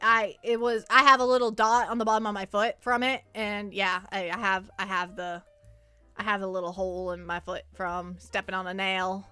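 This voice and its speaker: A woman's voice: medium pitch, fairly even intonation, moderate pace, bright, forceful tone, smooth, no echo, soft background music. A young woman streaming casually, rambling and stammering with many repeated words. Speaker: virtual streamer. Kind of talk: casual livestream chat.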